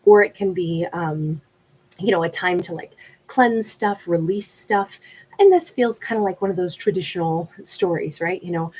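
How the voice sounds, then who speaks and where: A woman giving a gentle, reflective tarot reading in a conversational way. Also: lowish voice, breathy edge, low-quality recording. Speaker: tarot reader.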